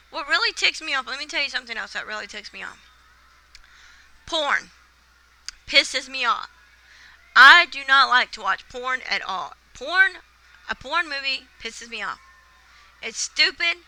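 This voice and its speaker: Blunt, bright-voiced woman ranting. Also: high-pitched, rough recording. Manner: blunt, indignant storytelling. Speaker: vlogger. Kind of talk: casual rant to camera.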